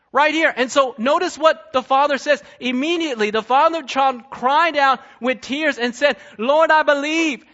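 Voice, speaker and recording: A man preaching with a notably high, ringing voice that stays forceful and sharp. He teaches emphatically, circling back with rhetorical questions. The recording sounds dull and lo-fi. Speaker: pastor. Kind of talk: sermon.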